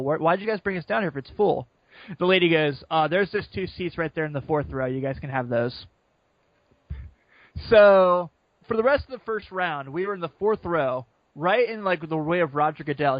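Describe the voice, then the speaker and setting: Excited man telling a draft-day story. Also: on the high side, no room sound. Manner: excited storytelling, quoting others. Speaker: podcast co-host. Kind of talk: casual sports podcast chat. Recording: muffled lo-fi sound.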